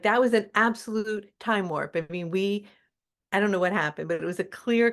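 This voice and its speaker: A woman hosting a video call, chatting casually and telling a long anecdote with lots of fillers and acted-out dialogue. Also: lowish voice. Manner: chatty and animated, many fillers and quoted dialogue. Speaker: spiritual teacher hosting a call.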